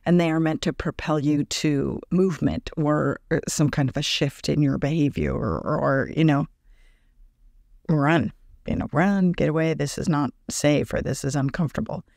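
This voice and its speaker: A woman talking casually on her podcast as an energy healer, animated and laughing often, acting out quoted thoughts in a higher voice. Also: normal speed, vocal fry, dry recording, studio quality. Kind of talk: casual spoken podcast monologue.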